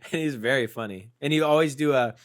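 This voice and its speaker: A man's voice: medium pitch, fast talker. A man co-hosting a snack-tasting podcast, chatting casually, playful and teasing, often laughing. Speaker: podcast co-host.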